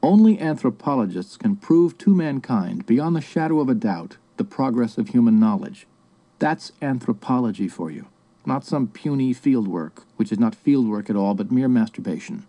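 A man's voice: mid-range voice, animated, moderate pace, dark tone, dry recording, lightly acted. A man reading the lines of a younger male professor who speaks in a scornful, professorial manner.

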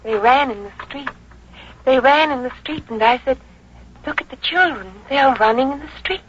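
A woman's voice: high voice, lively intonation, moderate pace, a bit bright, breathy edge, heavily acted. An actress playing a dazed, grieving mother held in prison, who speaks in wandering, broken phrases, on an old radio drama recording. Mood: distraught, dazed. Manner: wandering, broken, dreamlike speech. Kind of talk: 1950s radio drama acting. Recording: dull old radio broadcast with faint hiss.

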